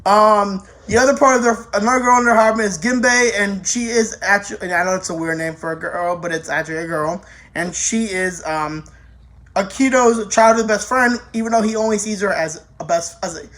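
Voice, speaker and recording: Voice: medium pitch, fairly quick, a bit bright. An anime reviewer giving a casual, rambling spoken review, full of restarts and offhand swearing.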